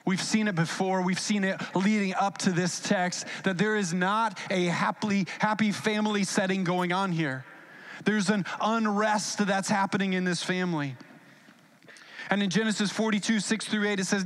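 High-voiced, casual male preacher. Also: moderate pace. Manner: casual, animated storytelling with asides. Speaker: pastor. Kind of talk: sermon.

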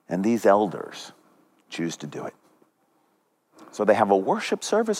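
A man's voice: on the low side, huge pitch swings, moderate pace, pauses often, long reverb tail. A man preaching a sermon as pastor, retelling a story dramatically with big swings up and down.

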